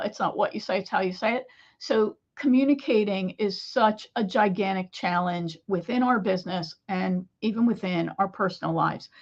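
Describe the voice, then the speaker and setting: A woman business coach talking to camera, telling a client story with animated, lively asides. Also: mid-range voice, highs cut off. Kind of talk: solo talk to camera.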